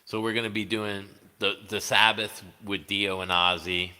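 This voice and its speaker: A man's voice: lowish voice, flat delivery, moderate pace, pushed and bright, smooth, in a large hall. A man chatting casually on a livestream, rambling and swearing, with many fillers. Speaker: livestreaming guitarist.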